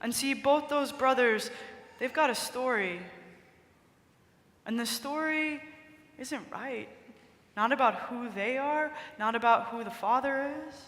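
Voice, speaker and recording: A woman preacher telling a story in a conversational, expressive sermon, recorded in a large cathedral with echoey reverb. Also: high voice, a little slow, long pauses.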